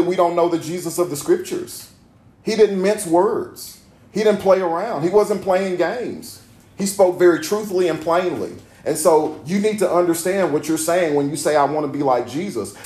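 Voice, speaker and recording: A man's voice: on the high side, darkish tone. A man preaching a sermon in a blunt, plainspoken, emphatic way, reading from scripture between his points. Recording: echoey room.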